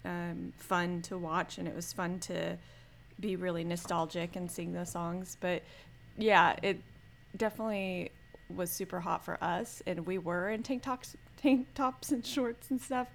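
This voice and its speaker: A woman's voice: lowish voice, fairly even intonation, a little slow, creaky, a little hiss or hum. A woman co-hosting a podcast in casual chat, easygoing and agreeable, with frequent fillers. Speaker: podcast co-host.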